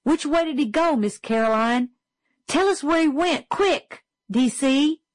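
A woman's voice: expressive, unhurried, no echo. A woman doing an earnest, gallant young boy. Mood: urgent. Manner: high, eager, urgent.

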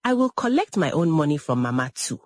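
Brief: scheming sneering stepsibling, low husky voice, voiced by a woman narrator. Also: big pitch swings, fairly quick, darkish tone, dry recording. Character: greedy mocking young stepsibling.

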